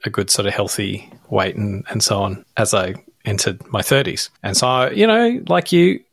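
A gravelly-voiced man in his thirties co-hosting a podcast, talking in a blunt, offhand way with the odd swear word. His voice is low, and the sound is dry and close. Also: expressive, moderate pace, dry recording. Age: 30s. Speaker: podcast co-host. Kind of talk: casual chat.

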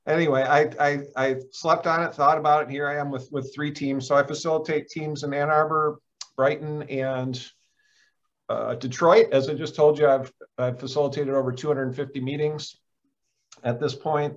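A man's voice: a little high, steady tone, moderate pace. A middle-aged man from Michigan, a leadership coach speaking as a podcast guest, earnest and upbeat, with many fillers and restarts. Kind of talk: casual interview chat. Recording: dull lo-fi sound.

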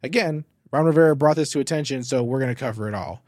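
A man's voice: medium pitch, fast talker, darkish tone, dry recording, clean studio sound. A man hosting a sports show, giving casual commentary in a rambling way with lots of fillers and emphatic bursts.

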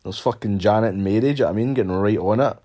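A man's voice: on the low side, very fast, warm tone. A Scottish man ranting in a casual monologue, sweary and sarcastic, mocking people with put-on voices.

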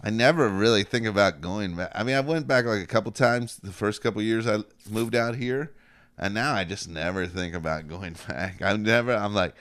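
A man co-hosting a casual comedy chat, laid-back and swearing freely, now and then shouting out the reactions he quotes. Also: on the low side, normal speed. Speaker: podcast co-host, comedian.

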